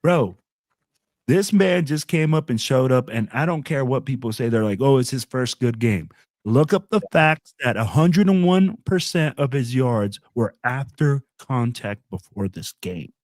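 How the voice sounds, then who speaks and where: A man as a guest on a sports podcast, talking excitedly and emphatically in casual chat. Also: medium pitch, unhurried, no room sound, studio quality. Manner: excitable, emphatic, calls the host "bro".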